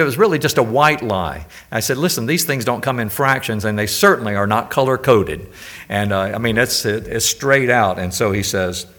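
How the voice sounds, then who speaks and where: A man's voice: medium pitch, fairly bright tone. An older man preaching a sermon in a conversational way, telling anecdotes and often asking his listeners questions.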